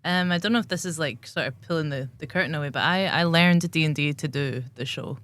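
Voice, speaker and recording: A woman's voice: sits low, brisk, fairly bright tone. A woman, a podcast guest chatting with lots of ums and giggles. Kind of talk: casual podcast chat.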